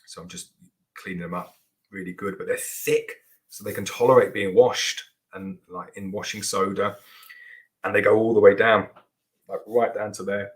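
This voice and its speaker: Low-voiced man chatting about beekeeping. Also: fairly even intonation, normal speed, poor audio. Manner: chatty, rambling, frequent restarts and "like" fillers. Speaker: beekeeper host answering viewer questions. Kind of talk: casual live Q&A chat.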